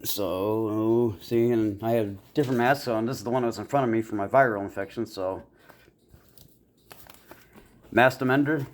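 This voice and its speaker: Rambling low-voiced man. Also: normal speed, pauses often, a little hiss or hum. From US Midwest. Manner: rambling, full of fillers and self-deprecating asides. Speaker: YouTuber. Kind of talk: casual rambling vlog monologue.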